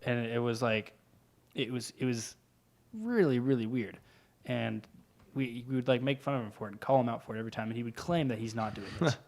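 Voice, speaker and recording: Young male co-host, casual rambling chatter, mid-pitched, laughs easily. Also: a little fast, darkish tone. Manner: rambling, laughs often, restarts words. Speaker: podcast co-host. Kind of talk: casual chat.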